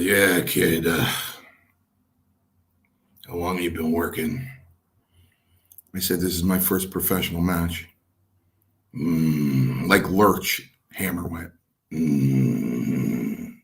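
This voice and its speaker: Deep-voiced man telling wrestling tales. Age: middle-aged. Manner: acts out quotes of others, lively. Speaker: retired pro wrestler telling stories. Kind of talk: anecdotal storytelling.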